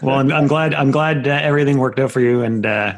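A man's voice: mid-range voice, quick pace. A male co-host speaks earnestly in a middle register. He restarts his sentences as he goes and keeps a casual interview tone.

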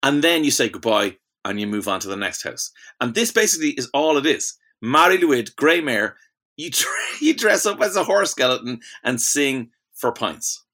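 An enthusiastic man hosting a comedy podcast, telling stories and laughing often. His voice is bright and forceful, and his pitch swings around a lot. He talks in a loose, casual way. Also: expressive, normal speed. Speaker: podcast host.

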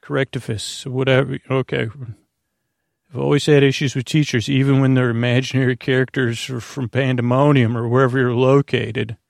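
A man hosts a bedtime podcast in a slow, wandering ramble, piling up filler words and false starts as he chats with an imaginary listener. His voice sits at an ordinary pitch with a rough, gravelly edge. The recording is dry and close. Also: flat delivery, no echo. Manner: meandering, full of filler words and restarts; silly, speaking to an imaginary listener. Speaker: podcast host.

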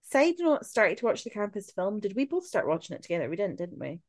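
A Scottish woman, co-hosting a podcast, tells spooky folklore fast and very animatedly in a mid-range voice. It's casual, chatty talk full of free swearing and laughing asides, captured in a dry recording.

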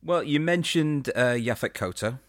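A man's voice: medium pitch, animated, moderate pace. A man hosting a podcast, chatting with his guest in a reflective, hesitant way with fillers. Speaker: podcast host. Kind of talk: casual interview chat.

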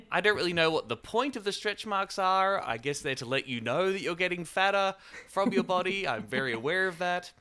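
Bright-voiced joking comedian man. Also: sits high. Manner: joking, laughs a lot, crude. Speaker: comedian guest. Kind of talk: comedy podcast banter.

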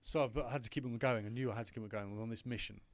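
A man's voice: medium pitch, rapid-fire, dry recording. A British man in his thirties, a startup founder telling a hard personal story in an interview, emotional, with frequent restarts and swearing. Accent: British English.

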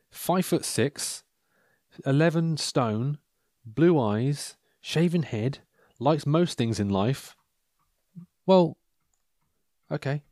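Into a handheld or desk mic, a man hosts a casual monologue, reading personal ads aloud with wry, rambling commentary. His voice is medium-pitched and a bit mellow, captured in a dry, studio-quality recording.

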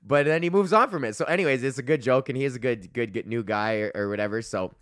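A man's voice: mid-range voice, fast talker, fairly bright tone, dry recording, clean studio sound. A young man hosting his own podcast, rambling casually about his week, swearing a lot, laughing often and restarting his sentences. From Alberta, Canada. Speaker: comedian podcast host.

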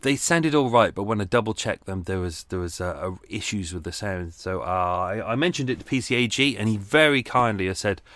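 A man's voice: lowish voice, lively intonation, fairly quick, few pauses, fairly bright tone, no echo. A man hosting his podcast in a casual, rambling, self-deprecating chat with many restarts. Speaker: podcast host. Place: at home on a boat.

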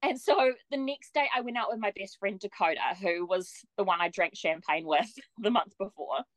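A young woman, a podcast guest telling her story in a lively way, laughing often and acting out what people said. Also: medium pitch, normal speed, no room sound, low-quality recording. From New Zealand. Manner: lively, laughs often, acts out quoted voices. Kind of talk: casual storytelling.

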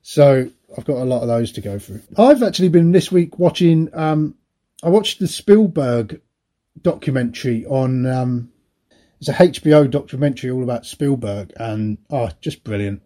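A man's voice: medium pitch, animated, moderate pace, dark tone. A middle-aged man co-hosting a podcast, chatting about films in a rambling, anecdotal way and laughing often. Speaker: podcast co-host. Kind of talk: casual film chat.

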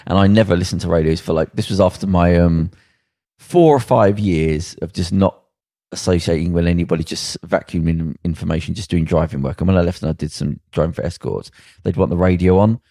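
A man's voice: low-pitched, fairly quick, mellow, dry recording, studio quality. A young man co-hosting a casual podcast, telling blunt, rambling stories full of slang and mimicked voices. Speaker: podcast co-host.

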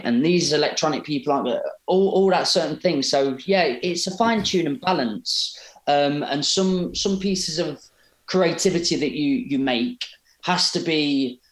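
Man, podcast guest, rambling storyteller, slightly high voice, roomy echo. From Derby, England. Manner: animated, rambling, self-interrupting. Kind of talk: casual storytelling interview.

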